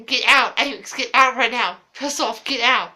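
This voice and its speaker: A woman voicing her angry teenage brother as he yells orders at her, as part of a story. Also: fairly high pitch, normal speed. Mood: furious. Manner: loud, shouted orders.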